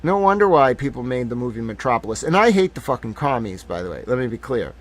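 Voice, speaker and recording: A man's voice: medium pitch, animated, fast, dry recording. A man in his thirties hosting a live stream, ranting in a heated, profane way. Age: 30s. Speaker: livestream host.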